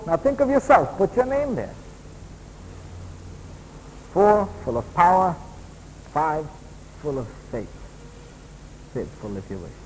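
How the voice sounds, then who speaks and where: A man preaching a sermon as a pastor, building to loud emphatic peaks and then dropping to quieter, lower asides. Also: a little hiss or hum. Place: church hall. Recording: long hall reverb, faint ambience.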